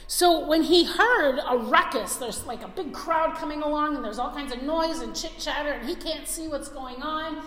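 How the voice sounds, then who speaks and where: A woman preacher giving a sermon, retelling a story with animated, acted-out scenes. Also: sits high, moderate pace, few pauses. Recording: echoey hall, faint ambience.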